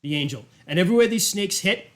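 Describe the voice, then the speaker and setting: A man's voice: high voice, expressive, fast. Man running a tabletop game, casual. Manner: casual, rambling, many fillers. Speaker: game master.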